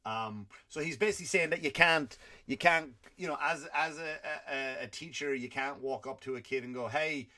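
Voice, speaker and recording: A man's voice: mid-range voice, moderate pace. A man, a comedian and podcast host ranting in a rambling, profane way. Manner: rambling, profane, jumps in loudness. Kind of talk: comedic rant.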